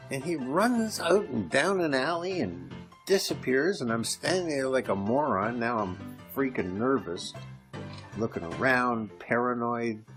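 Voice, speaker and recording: An older man from Canada telling a rambling story, his voice sitting at an ordinary middle pitch. He mocks himself as he talks and picks up speed when the tale gets tense. Faint music plays under him. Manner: rambling, self-mocking, speeds up when excited. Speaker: podcast host. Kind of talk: storytelling monologue.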